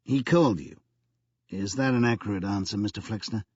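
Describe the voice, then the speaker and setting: A man's voice: on the low side, brisk, darkish tone, breathy edge, no echo, muffled recording. A man voicing a skeptical male police lieutenant who asks terse, pressing questions.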